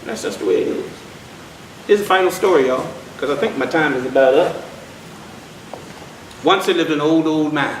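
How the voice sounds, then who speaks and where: A man's voice: fairly high pitch, normal speed, long pauses, slight background noise. A man telling history and a folk tale live to an audience, folksy and calling the crowd y'all, heard from far off in an echoey room. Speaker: storyteller. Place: historic site event.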